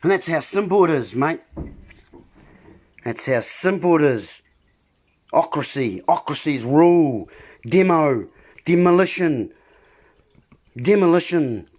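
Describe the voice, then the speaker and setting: A man's voice: on the high side, animated, slow pace, long pauses, darkish tone. A man hosting a political monologue, ranting and repeating himself as he keeps addressing his listeners as folks. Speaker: video host.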